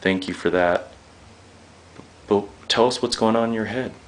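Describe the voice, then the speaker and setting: Casting note: young male interviewer, low voice, rambling, profane, emotional. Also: moderate pace. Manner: swears a lot, rambling, jokey, emotional.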